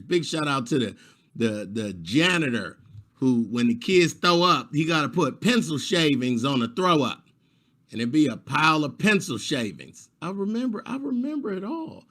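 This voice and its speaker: A middle-aged man performing a stand-up comedy set over a video call, animated and quick to slip into high voices. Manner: animated, jumps into high squeaky voices for teachers.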